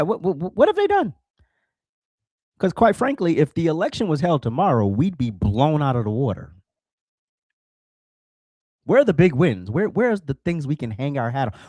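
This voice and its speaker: A fired-up man hosts his own show and rants about politics, hammering his points home by repeating them. His pitch leaps up and down as he works himself up. The sound is close and dry, with no room around it. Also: a little mellow, dry recording. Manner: fired-up, emphatic, repeats phrases for punch. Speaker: podcast host. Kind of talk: solo political rant.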